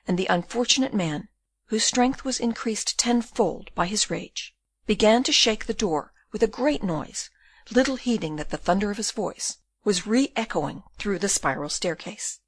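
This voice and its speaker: A woman reading a classic novel aloud as an audiobook narrator, in steady storytelling. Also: medium pitch, a little slow, husky, dry recording. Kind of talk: scripted narration.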